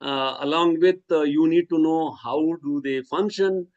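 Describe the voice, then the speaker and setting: A man's voice: a little high, unhurried, a little mellow, muffled recording. A man giving an academic lecture, talking in a discursive way with many fillers, restarts and a habitual "okay".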